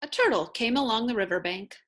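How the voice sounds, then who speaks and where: Reading a children's picture book aloud, a woman teacher keeps an easy, measured pace in a high, animated voice. She narrates clearly and gently for young listeners.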